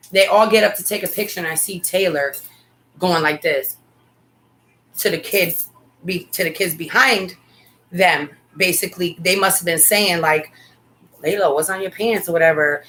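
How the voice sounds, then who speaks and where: A middle-aged woman with a fairly low voice tells a family story in casual chat. She talks candidly and keeps adding asides. A faint ambient hiss sits under her voice. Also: normal speed, fairly bright tone, poor audio. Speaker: podcast co-host, mother.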